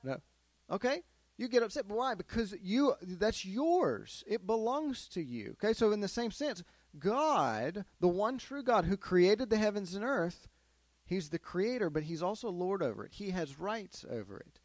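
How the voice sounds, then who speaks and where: A man leads children through a Bible lesson, pausing again and again to put questions to them. His voice sits fairly high and he tells the story with lively swings. The sound is dry and close. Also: no room sound. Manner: asks the kids questions, animated storytelling. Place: classroom with children.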